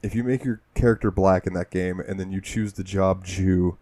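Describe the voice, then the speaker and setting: A man's voice: low-pitched, steady tone, normal speed, dark tone, dry recording. A man co-hosting a casual gaming podcast, laughing often and retelling the game with quoted voices. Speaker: podcast co-host.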